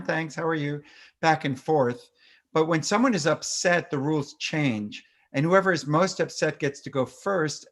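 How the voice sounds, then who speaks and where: A man, a doctor who advises parents, talking through parenting techniques in a fireside chat and sometimes acting out how to speak to an upset child. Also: mid-range voice. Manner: explanatory, acts out parent-child phrases; frequent fillers and restarts.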